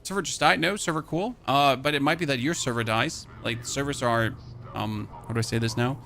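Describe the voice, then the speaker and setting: A man's voice: medium pitch, a little fast, gravelly, fairly bright tone, a little hiss or hum. A chatty man from Germany with a light German accent, streaming a game and rambling as he plays. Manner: chatty, rambling, thinks aloud while playing. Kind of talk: casual live-stream chat.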